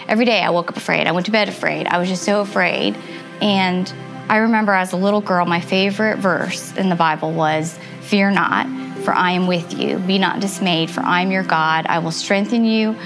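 A woman in her thirties telling her personal faith testimony earnestly and reflectively, with soft laughs. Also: medium pitch. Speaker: testimony guest. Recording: music playing underneath.

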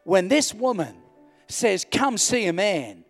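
A man from Australia, a pastor telling an animated story in a sermon and often shouting for emphasis. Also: high voice, slow, vocal fry, faint music behind. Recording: long hall reverb.

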